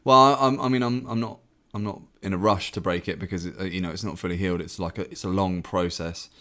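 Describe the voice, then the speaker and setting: A man's voice: low voice, steady tone, fast talker, bright, forceful tone. A man co-hosting a podcast, chatting casually with many fillers and laughs. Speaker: podcast co-host. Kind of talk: casual chat. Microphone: headphones on, podcast mic.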